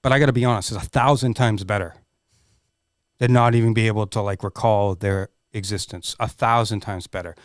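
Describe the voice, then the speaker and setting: A man's voice: lowish voice, fairly even intonation, brisk, dry recording, clean studio sound. A middle-aged man speaking as a podcast guest, telling a candid personal story in an earnest, emotional way and swearing freely.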